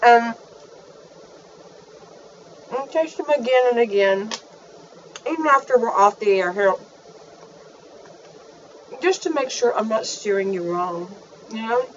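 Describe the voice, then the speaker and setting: A woman's voice: fairly high pitch, expressive, takes it slowly, long pauses, distant mic, a little hiss or hum. Woman vlogger, chatty and gushing, mic set back, dull lo-fi sound. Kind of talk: casual chat. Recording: dull, faint, off-mic home recording.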